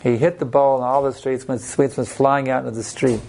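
A man teaching a devotional scripture class in an unhurried, plain-spoken way, telling personal stories. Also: mid-range voice, level tone, vocal fry, darkish tone.

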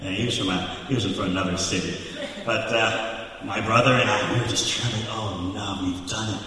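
A man telling a childhood story to a live audience in an animated way, acting out the voices, recorded in a large hall. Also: on the low side, fairly quick. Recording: echoey hall from far off.

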